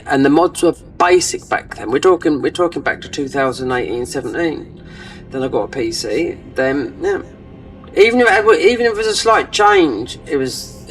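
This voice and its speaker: Rambling gamer talking over play; mic at a distance, faint music behind. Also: male voice, on the high side. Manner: rambling, trailing off, many fillers. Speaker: gaming channel host. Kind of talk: casual gameplay commentary.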